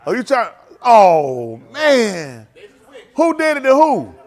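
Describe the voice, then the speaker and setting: A man's voice: very high voice, huge pitch swings, slow, a little mellow. A man, leading a congregation and greeting livestream viewers by name in a joking, teasing, casual way. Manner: joking, teasing, calls out names.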